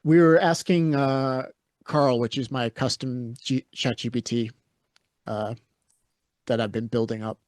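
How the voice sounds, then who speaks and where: A man's voice: mid-range voice, fairly even intonation, measured pace, darkish tone, no echo, studio quality. A man co-hosting a podcast, chatting casually and telling stories in a blunt, opinionated way. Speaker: podcast co-host.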